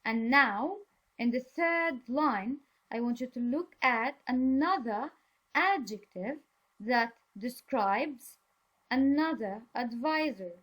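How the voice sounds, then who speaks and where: Slow, patient woman teaching young learners. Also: high-pitched, expressive, fairly bright tone. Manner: slow, patient, praising and explaining words. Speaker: English teacher. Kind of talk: reading a story aloud for a class.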